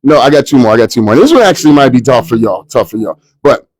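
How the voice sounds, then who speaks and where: A man with a New York accent interviewing a rapper backstage at a live show, excitable, playful and profane. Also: medium pitch, fast talker, no echo, rough recording.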